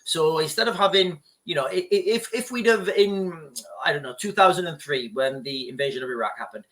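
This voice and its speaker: A man talking straight to camera in a loose, rambling vlog commentary, his voice pitched a bit high with a bright, forceful edge. He keeps restarting his sentences and calling out to his viewers as "guys". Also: a little fast. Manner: rambling, with frequent restarts and repeated asides to "guys". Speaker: vlogger. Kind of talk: off-the-cuff political commentary to camera.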